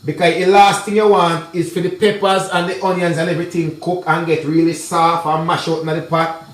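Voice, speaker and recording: A man's voice: on the high side, level tone, brisk, roomy sound. A man with a Jamaican accent chatting casually through a cooking tutorial, talking straight to his viewers in patois mixed with English. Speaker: cooking vlogger. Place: kitchen.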